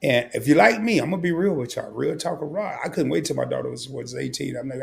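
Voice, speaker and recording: A man's voice: mid-range voice, animated, fast talker, creaky, hardly any pauses. An older man hosting a livestream, talking candidly and a bit rambling, with emotion coming through. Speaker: livestream host. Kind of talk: casual livestream talk.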